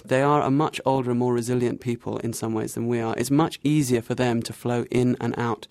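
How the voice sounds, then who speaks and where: Guy with a gravelly voice telling a story, wry and animated, dry studio sound. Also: medium pitch, a little fast, no echo. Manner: animated, wry storyteller who laughs at himself. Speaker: interview guest. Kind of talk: storytelling interview.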